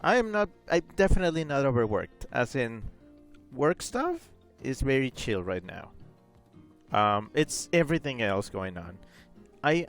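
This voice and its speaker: Rambling man streaming a game. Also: mid-range voice. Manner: rambling, many fillers, reads chat messages aloud. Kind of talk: casual live-stream chat while gaming.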